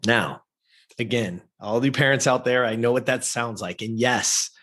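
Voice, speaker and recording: Husky-voiced man telling a story. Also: mid-range voice, normal speed. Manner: animated, addresses listeners directly. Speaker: podcast guest. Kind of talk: emotional personal storytelling.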